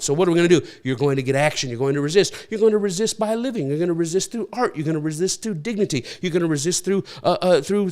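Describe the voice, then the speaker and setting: Earnest higher-voiced male pastor exhorting. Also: a little mellow. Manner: earnest, halting, with frequent restarts and repeated words; preachy, exhorting listeners directly. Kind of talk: impassioned spoken teaching.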